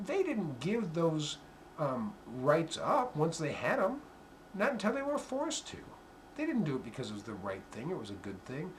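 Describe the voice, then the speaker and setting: A man's voice: high-pitched, a little hiss or hum. A man giving an emphatic, conversational talk to a live audience at a church coffee house. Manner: emphatic, animated, conversational lecturing. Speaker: performer and speaker.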